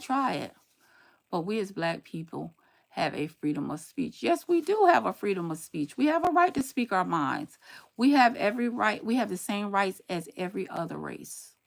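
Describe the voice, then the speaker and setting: A grandmother from the southern United States livestreams and answers chat comments bluntly, scolding and sarcastic, with lively swings in her warnings. Her voice is medium-pitched with vocal fry.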